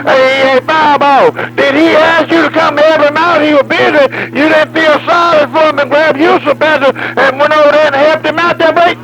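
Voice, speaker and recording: An older retired man on CB radio, rambling in a slow, drawn-out, talkative way. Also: very high voice, steady tone, over loud music, poor audio. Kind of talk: CB radio banter.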